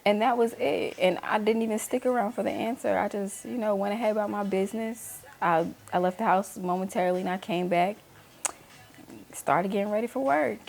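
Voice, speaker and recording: A woman's voice: mid-range voice, brisk, creaky, a little mellow, soft background music. A woman in her thirties, host of her own talk channel, candidly telling a personal story and acting out the voices of people she quotes. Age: 30s.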